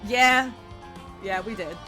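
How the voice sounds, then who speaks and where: A woman voicing a weary, gruff middle-aged male police detective in game dialogue. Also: slow pace, sharp tone, faint music behind. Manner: low, tired, gruff. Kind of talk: game dialogue read aloud.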